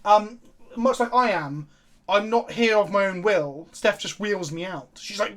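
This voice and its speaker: A man's voice: sits high, moderate pace, long pauses. A man streaming a card game, chatting casually, joking and swearing freely as he plays. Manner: animated, jokey, swears freely. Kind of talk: casual chat while gaming.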